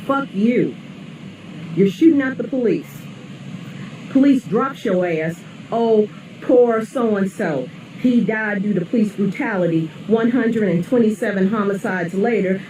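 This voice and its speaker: A woman's voice: medium pitch, warm tone. A mother from the St. Louis area delivering an angry, profane rant, scolding and blunt. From St. Louis area, USA. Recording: echoey, distant, noisy.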